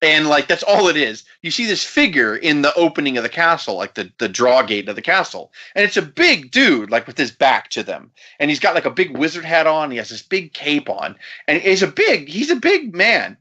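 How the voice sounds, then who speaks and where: A man's voice: on the high side, big pitch swings, moderate pace, hardly any pauses, sharp tone, lo-fi sound. A man co-hosting a podcast, retelling a story in a casual, profane, laughing way. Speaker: podcast co-host.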